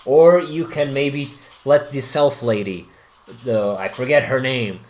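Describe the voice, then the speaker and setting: A man voicing a smooth-talking, creepy fat male duke who coaxes and soothes falsely. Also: mid-range voice, lively intonation, unhurried, a little mellow, close to an everyday voice. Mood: coaxing.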